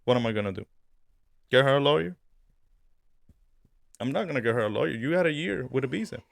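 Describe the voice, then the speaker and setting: A man's voice: medium pitch, expressive, fast, creaky, no echo. A man co-hosting a casual podcast, talking in a laid-back, rambling way and dropping in Spanish words. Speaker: podcast co-host.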